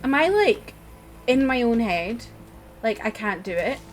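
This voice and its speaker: A woman streaming a video game, giving casual live commentary, chatty and quick to swear and shout when frustrated. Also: fairly high pitch, animated, faint music behind.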